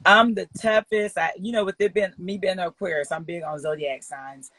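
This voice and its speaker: Husky-voiced woman in her forties. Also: lowish voice, fairly even intonation, moderate pace, fairly bright tone, no room sound. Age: 40s. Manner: emphatic, blunt and profane, telling personal stories. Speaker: talk show guest. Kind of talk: candid casual chat.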